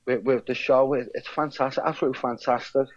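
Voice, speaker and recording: A man's voice: medium pitch, steady tone, quick pace. A man, a guest in a casual interview, who rambles with many repeated words and restarts. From England. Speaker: guest, character lookalike. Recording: dull lo-fi sound.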